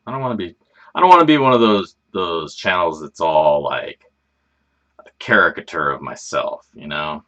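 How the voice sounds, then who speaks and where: A livestream host with a lowish voice rambles casually from thought to thought at normal speed. His pitch rises and falls a lot, and he's relaxed, swearing freely.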